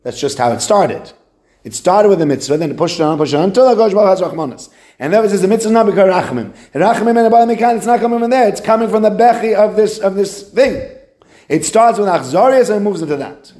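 Animated man giving a Torah lecture. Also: quick pace, echoey room. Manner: animated storytelling, swings between high excited voices and low murmurs. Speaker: Torah teacher. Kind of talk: Talmudic lecture.

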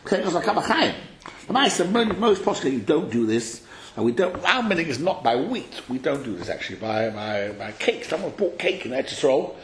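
A man teaching a study class, explaining a text to his students in an animated, questioning way and calling on them by name. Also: fairly high pitch, fairly quick, slight background noise. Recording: echoey room.

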